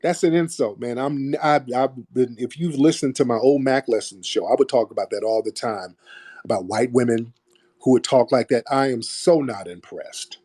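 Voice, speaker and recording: A man's voice: mid-range voice, moderate pace, warm tone. A man hosting a call-in stream, talking in an emphatic, preachy way and repeating phrases for stress. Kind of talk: opinionated call-in commentary.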